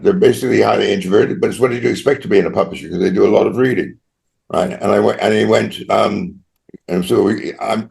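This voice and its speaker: A man's voice: on the low side, vocal fry, darkish tone. An older man from Australia, a guest telling long rambling stories in an interview and often tagging his points with "right?". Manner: rambling anecdotal, frequent tag "right?". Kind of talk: storytelling interview.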